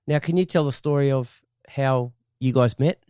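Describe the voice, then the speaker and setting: A man hosting a podcast, asking questions in a relaxed, easygoing way. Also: mid-range voice, normal speed, clear, resonant tone, dry recording, clean studio sound. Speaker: podcast host. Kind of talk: casual interview.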